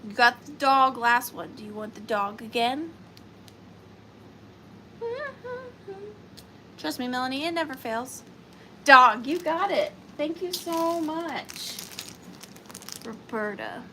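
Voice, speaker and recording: A woman's voice: high-pitched, expressive, measured pace, pushed and bright, a little hiss or hum. A woman hosting a live online sale, chatting playfully with viewers and calling them by name. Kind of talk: chatty live-stream selling.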